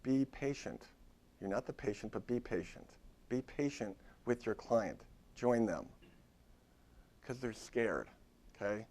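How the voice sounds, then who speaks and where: A man's voice: mid-range voice, animated, a little slow, long pauses, a little mellow. A middle-aged man, a therapist giving a live lecture to other therapists, talking straight to the audience with emphatic repetition. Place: lecture room at a university.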